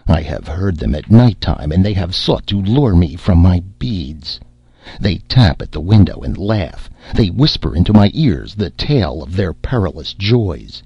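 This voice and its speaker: A man's voice: low voice, big pitch swings, measured pace, vocal fry, dark tone, slightly rough, dry recording, dull audio, full character voice. A man voicing a stern, zealous old priest who rebukes in thundering archaic speech. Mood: fervent.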